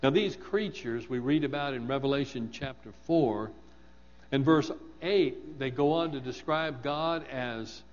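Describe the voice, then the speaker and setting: A man's voice: medium pitch, unhurried, in a large hall. Guy preaching a sermon, asks the room questions, kinda muffled recording. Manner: asks the congregation questions, repeats words for emphasis.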